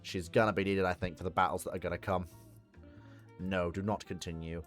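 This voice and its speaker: A man's voice: deep voice, fairly quick, faint music behind. A man commentating live on a naval strategy game, swearing and talking to the ships on screen. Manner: swearing, excitable, talks to the game. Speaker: streamer.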